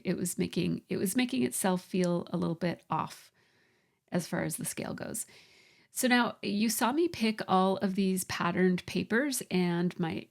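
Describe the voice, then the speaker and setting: Chatty woman with a creaky voice. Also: lowish voice. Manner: chatty, thinks aloud with frequent restarts. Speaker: scrapbooking channel host. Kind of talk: casual crafting voice-over. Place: home craft room.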